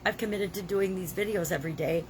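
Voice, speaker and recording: A woman's voice: on the low side, fast talker. A woman in her sixties, talking casually in a daily video diary while she has a cold and a scratchy throat, chatty and emphatic with the odd cough. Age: 60s. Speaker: vlogger.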